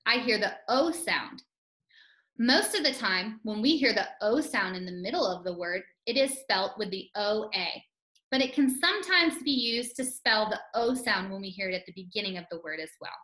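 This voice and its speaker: A woman teacher giving a scripted phonics lesson to young children, speaking slowly and clearly and stretching out sounds. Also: mid-range voice, bright, forceful tone, roomy sound, poor audio.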